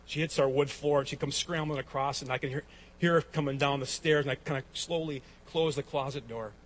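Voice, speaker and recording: A pastor preaches a sermon. His voice sits a little high for a man, and he tells stories with many restarts before rising to emphatic peaks. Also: fairly even intonation, a little fast, a little hiss or hum. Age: 40s.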